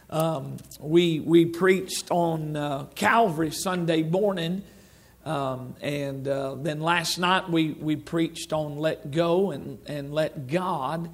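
A middle-aged man preaching a sermon in a church, folksy and rambling, with lots of restarts and asides to the congregation. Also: fairly high pitch. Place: church sanctuary.

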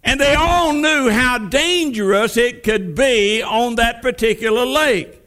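A man preaching a sermon, retelling a Bible story vividly and dropping his pitch for dramatic effect. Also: measured pace, bright, forceful tone.

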